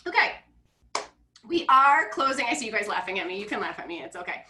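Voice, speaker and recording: A woman hosting a live launch call for financial coaches, bubbly and excitable, reading viewer comments aloud. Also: medium pitch, racing, roomy sound, a little hiss or hum, poor audio. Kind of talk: casual live-stream talk.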